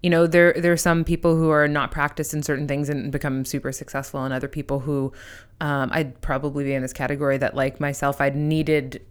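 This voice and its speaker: Low smooth-voiced woman host. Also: flat delivery. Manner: curious, quick reactions and questions. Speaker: podcast host. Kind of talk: casual interview chat.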